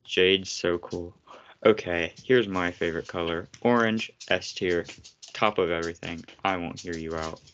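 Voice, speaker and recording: Male podcast co-host, very low voice, blunt and teasing, slightly dull recording. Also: a little slow, a bit bright, a little hiss or hum. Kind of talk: casual chat. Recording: slightly muffled podcast audio.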